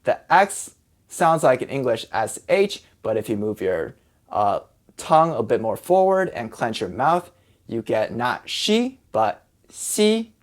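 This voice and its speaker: A language teacher giving a casual, friendly pronunciation lesson, slowly sounding out syllables step by step. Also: medium pitch, sing-song. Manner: casual and friendly, with fillers like "kind of" and "like".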